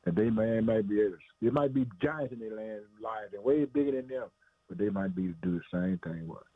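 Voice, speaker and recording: A man's voice: on the low side, fairly quick, no echo. Preacher, man, loose conversational sermon, keeps saying "man" and "boy", thin phone-line sound, dry. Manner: repetitive, conversational, calls listener "man" and "boy". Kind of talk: informal preaching.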